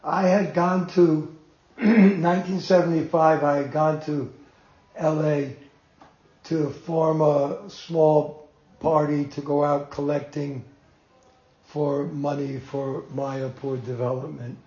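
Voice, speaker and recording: An older man reminisces at an unhurried pace, his voice sitting a bit high. He tells the story with feeling and breaks into laughs along the way. The sound is roomy and slightly dull. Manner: animated and emotional, laughs between lines. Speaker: storyteller recalling his teacher. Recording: roomy, muffled room sound.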